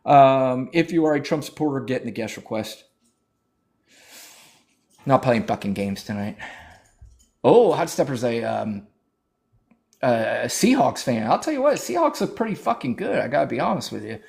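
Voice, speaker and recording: A man's voice: medium pitch, sing-song, normal speed, creaky, pauses often, darkish tone. A man hosting a political livestream, talking in a brash, profane, mocking way, thanking viewers and scolding callers. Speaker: livestream host.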